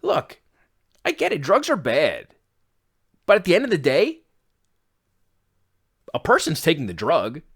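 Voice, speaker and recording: A man's voice: fairly high pitch, huge pitch swings, unhurried, long pauses, fairly bright tone, husky. A man hosting a fitness podcast, giving a blunt, exasperated rant that includes some swearing. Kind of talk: ranting podcast monologue.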